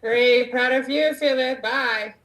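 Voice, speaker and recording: A man voicing a bored, curt therapist who answers flatly and dismissively. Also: very high voice, takes it slowly, voice pushed up, heavily acted, poor audio. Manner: flat, dismissive, yawning.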